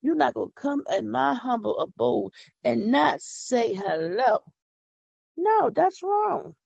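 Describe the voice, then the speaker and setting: A woman's voice: fairly high pitch, lively intonation, measured pace, vocal fry, a little mellow, breathy edge, no room sound, lo-fi sound. A woman podcast host giving a fervent, folksy devotional talk, repeating words for emphasis. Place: home.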